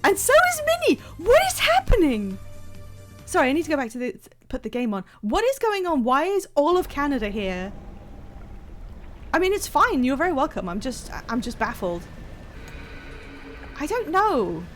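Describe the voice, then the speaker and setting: Excitable, lively woman streamer. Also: high voice, normal speed, pauses often, soft background music. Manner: chatty, excitable, self-deprecating, rambling. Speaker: livestreamer playing a video game. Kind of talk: casual live-stream chat.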